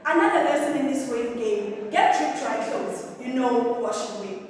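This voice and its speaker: A woman's voice: on the high side, normal speed, darkish tone, lightly acted. A woman acting a live theatre monologue as a young woman telling wry stories, acting out the voices of the people she quotes. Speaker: stage actor. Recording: echoey hall from far off.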